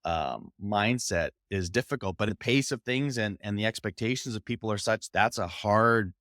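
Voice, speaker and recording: A man's voice: fairly low pitch, moderate pace, a bit bright, dry recording, clean studio sound. A man hosting an education podcast, talking loosely and reflectively in casual conversation. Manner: reflective, loose, many fillers like 'like'. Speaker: podcast host.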